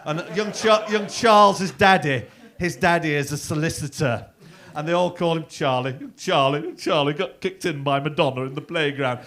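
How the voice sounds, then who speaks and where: A man's voice: a little high, normal speed, a bit bright. Brash, crude stand-up comic man. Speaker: stand-up comedian. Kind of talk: stand-up comedy set. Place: comedy club stage.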